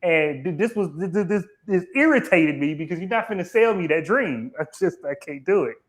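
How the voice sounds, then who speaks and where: Emphatic man with a high voice. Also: animated, a little fast. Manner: emphatic, colloquial, repeats words when heated. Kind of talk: live TV episode review chat.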